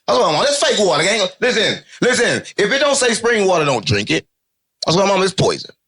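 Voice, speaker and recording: A man giving an interview in loose, unfiltered street talk, animated and joking, cursing and repeating his catchphrases. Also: high voice, quick pace, slightly rough. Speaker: interview guest.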